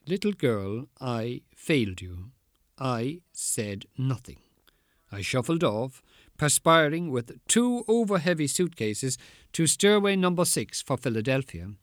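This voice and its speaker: Man reading poetry in a lively, incantatory voice. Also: medium pitch, no room sound, studio quality. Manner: rhythmic, incantatory delivery with dramatic pauses. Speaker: poet.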